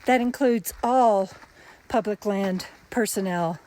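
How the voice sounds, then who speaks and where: A woman's voice: mid-range voice, takes it slowly, a little hiss or hum. A woman telling a story in a casual outdoor vlog while out hiking on a forest trail, a little out of breath and laughing often. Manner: chatty, laughs often, animated retelling. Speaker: RV nomad vlogger.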